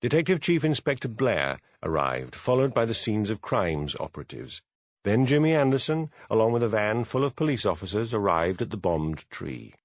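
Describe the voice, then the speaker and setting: A man narrating a mystery audiobook in a measured storytelling manner. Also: on the low side, very animated, no room sound, dull audio. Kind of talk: scripted narration.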